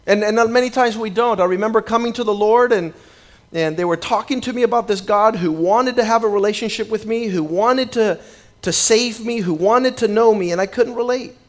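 A man preaching a sermon and telling his own story, often repeating words at the start of his phrases and dropping low and quiet when he acts out his younger self. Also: a little fast. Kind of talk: sermon with personal testimony.

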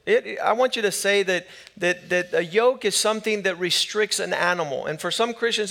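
A man with a high voice preaches a sermon from the pulpit. His delivery swells and drops in an emphatic preaching cadence as he works through scripture. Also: normal speed, creaky, few pauses, bright, forceful tone. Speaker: pastor.

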